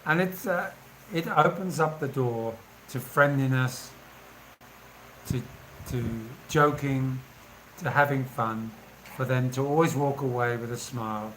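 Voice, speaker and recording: A man's voice: medium pitch, measured pace, fairly bright tone, a little hiss or hum, low-quality recording. A man, casually telling anecdotes and laughing as he goes. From England. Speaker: vlogger. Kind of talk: casual storytelling.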